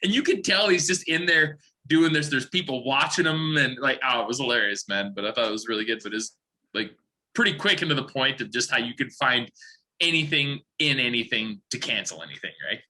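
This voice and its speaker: A young man from Saskatchewan, chatting casually as a podcast guest and telling rambling, animated stories. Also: medium pitch, a little fast. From Saskatchewan, Canada. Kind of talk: casual chat.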